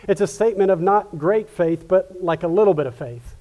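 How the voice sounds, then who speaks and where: A male pastor delivers a sermon in an earnest, conversational way, often doubling back on his words. His voice sits a little high for a man. It has a warm, mellow tone. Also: fairly even intonation, fairly quick, few pauses. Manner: earnest, with frequent restarts and repetitions.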